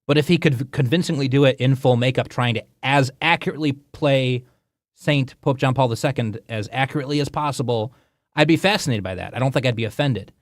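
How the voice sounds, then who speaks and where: A man co-hosting a live talk show in casual chat, relaxed and reflective, trailing off softly. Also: mid-range voice, fairly quick, dry recording, studio quality.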